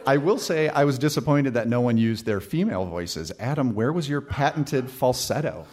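Male co-host, mid pitch, dry wit, reading mail live. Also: lively intonation, moderate pace, darkish tone. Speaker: podcast co-host. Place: live stage before an audience.

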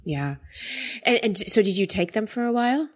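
A woman interviewer, empathetic and expressive, with wry asides as she relates to her guest. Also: medium pitch, moderate pace. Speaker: interviewer, host. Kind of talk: interview conversation.

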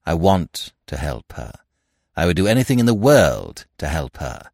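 A man's voice: extremely low pitch, big pitch swings, normal speed, a little mellow, no room sound, studio quality, voice pushed down, exaggerated voice. A man reading the part of a nervous, guilty middle-aged man who stammers and speaks hastily. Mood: flustered. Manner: stammering, hoarse, hasty.

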